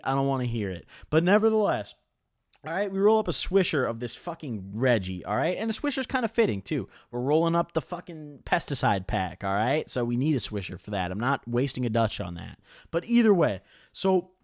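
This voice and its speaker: A young man spins a rambling, profanity-laced story straight to his audience, his pitch leaping up and down as he goes. His voice sits at an ordinary middle height. The recording is dry and close, with no room sound. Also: no echo. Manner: animated, profane, rambling with many fillers. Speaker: vlogger telling a story. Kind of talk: casual storytelling to camera.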